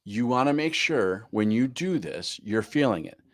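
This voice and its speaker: A man's voice: medium pitch, expressive, normal speed, no room sound, studio quality. A man teaching a live online class on goal planning, repeating his key points and often asking "right?". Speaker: business coach.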